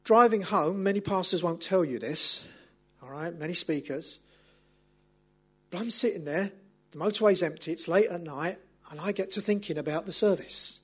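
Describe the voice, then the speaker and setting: A middle-aged man, preaching a sermon as an animated, self-mocking storyteller. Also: high voice, moderate pace, husky.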